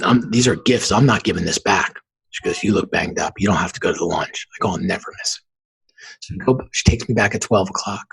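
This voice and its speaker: A man's voice: on the low side, husky, low-quality recording. A man in his forties, a podcast guest, telling a personal story in an earnest, emphatic way.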